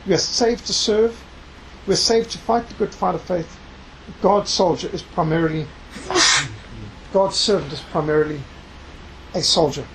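Emphatic preacher with a mid-pitched voice. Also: noisy background. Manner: emphatic, slows down to stress key words; reads scripture aloud within the talk. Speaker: preacher and missionary. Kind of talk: sermon.

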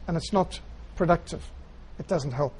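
A man preaching a sermon, retelling scripture in an earnest storytelling way with quiet, emphatic phrasing. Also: fairly high pitch, normal speed, a little hiss or hum, low-quality recording.

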